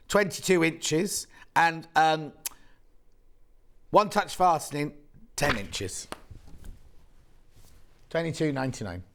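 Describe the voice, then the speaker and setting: A woman's voice: sits low, very animated, moderate pace, long pauses. A woman presenting live on a TV shopping channel, chatting in a bubbly way and joking with the crew between product details. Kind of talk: live TV shopping sales chat. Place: TV studio.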